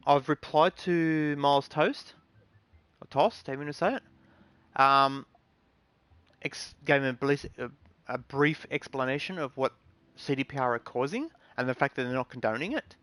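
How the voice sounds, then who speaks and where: Man, gaming vlog host, aggrieved rant, stop-start with ums, medium pitch, dry sound. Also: normal speed, fairly bright tone, smooth, dry recording. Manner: rambling and aggrieved, many ums and restarts.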